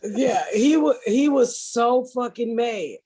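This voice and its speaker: A woman's voice: a little high, slow pace, dark tone, slightly rough. A middle-aged woman, hosting a podcast and telling a comedic story with profanity, acting out both sides of a phone call. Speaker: podcast host.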